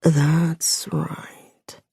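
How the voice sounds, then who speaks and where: Female reader playing a commanding man: deep growl, raspy, slow and low. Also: steady tone, mellow, dry recording, clean studio sound, full character voice.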